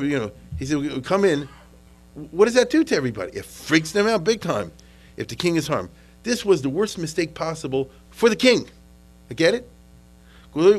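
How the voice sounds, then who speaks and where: Brief: male lecturer in a classroom, lively and chatty, acts out quotes, restarts often. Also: a little high, poor audio. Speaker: history lecturer. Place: lecture room with students.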